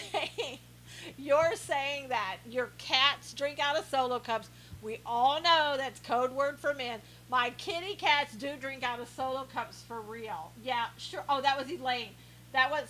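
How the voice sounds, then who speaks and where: A woman's voice: high voice, sharp tone, a little hiss or hum, rough recording. A woman hosting a live stream, teasing her viewers with heavy sarcasm as she reads their comments aloud and laughs often.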